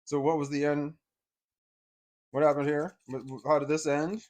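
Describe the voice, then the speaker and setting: A man's voice: a little high, level tone, moderate pace, a little mellow. A man telling a personal story in a casual, rambling way, full of fillers and repeating himself.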